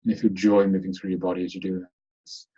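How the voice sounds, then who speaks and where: A man leading a guided meditation in an online webinar, giving slow, soothing instructions. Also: low-pitched, little pitch movement, dark tone, husky, lo-fi sound. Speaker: meditation teacher.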